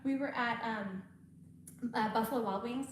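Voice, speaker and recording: A woman's voice: a little high, moderate pace. A woman, chatting casually as host and telling stories with a lot of laughter. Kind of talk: casual chat. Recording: very echoey room, faint noise.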